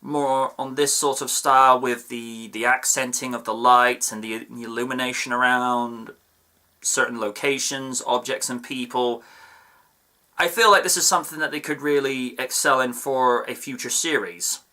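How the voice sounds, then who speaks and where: A man reviews a cartoon episode in a casual video. He wanders into playful asides as he goes. His voice is bright and tense, at a middling pitch. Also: fairly even intonation, moderate pace. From United Kingdom. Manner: chatty, with playful asides and digressions.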